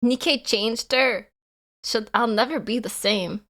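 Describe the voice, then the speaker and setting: A woman's voice: fairly high pitch, measured pace, a bit bright. A young woman streamer chatting casually with her viewers in a theatrical way, swinging between mock sobbing and laughing. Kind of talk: casual live-stream chat.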